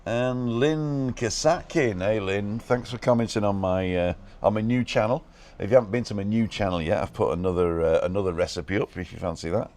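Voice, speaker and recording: A man hosting a casual live stream from a balcony, talking fast and reading out viewers' comments and names. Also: lowish voice, darkish tone. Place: balcony outdoors.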